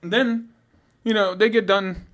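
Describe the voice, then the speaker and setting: A young man co-hosting a podcast tells a story in casual chat, his voice sitting high at a measured pace. He is animated, laughs often, swears freely, and gets loud when imitating a drunk fan.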